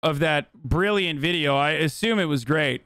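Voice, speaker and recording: Exasperated streamer man, crisp dry voice. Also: fairly high pitch, normal speed, fairly bright tone, no room sound. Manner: profane, exasperated, riffing on clips. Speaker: streamer host. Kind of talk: casual live-stream commentary.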